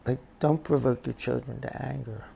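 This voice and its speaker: An older man and grandfather giving life advice in a casual, reflective monologue, talking haltingly and often repeating his words. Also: mid-range voice, fairly even intonation, creaky, warm tone, a little hiss or hum.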